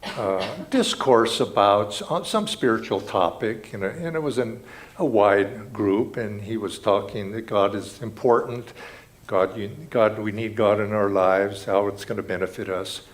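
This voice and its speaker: A man's voice: on the low side, a little slow. A man giving an earnest, reflective spiritual talk at a ceremony, telling stories as he goes. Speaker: spiritual speaker.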